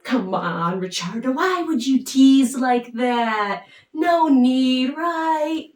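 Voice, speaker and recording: A woman's voice: high voice, animated, darkish tone, heavily acted. A woman voicing a meddling male tutor who hurriedly brushes a claim aside. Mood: hasty. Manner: rushed, dismissive. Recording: roomy, distant mic.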